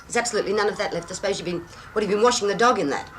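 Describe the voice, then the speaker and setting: An Australian actress playing a middle-aged mother in a 1970s film drama who scolds her family in a brisk way. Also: mid-range voice, slight background noise, close to an everyday voice. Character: nagging middle-aged suburban mum.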